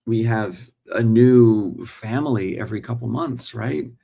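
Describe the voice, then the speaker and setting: A man in his forties, an actor by trade, runs an easygoing live morning stream where he chats with viewers and reads their comments. His mid-range voice is gravelly and mellow, and he takes his time.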